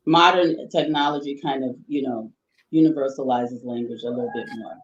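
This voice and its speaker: A woman's voice: a bass voice, fairly even intonation, normal speed. A woman explaining history at length in conversation, thoughtful and full of restarts. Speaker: guest presenter on history. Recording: roomy, slightly dull sound.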